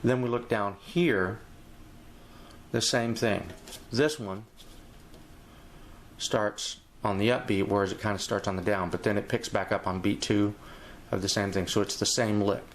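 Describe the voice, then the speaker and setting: A man teaching a jazz etude in a relaxed, rambling way, walking through the music and scatting phrases aloud. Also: lowish voice, measured pace, pauses often, a little hiss or hum. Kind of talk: casual instructional walkthrough.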